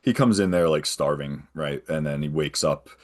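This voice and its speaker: A man with an extremely low-pitched voice, speaking at normal speed, guests on a podcast and casually recaps a film's plot. He rambles as he goes and keeps checking in with a frequent "right?"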